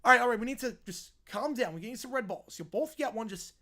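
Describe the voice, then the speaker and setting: A man voicing a flustered grown man who pleads with two screaming kids to calm down. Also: very high voice, fast talker, heavily acted. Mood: pleading.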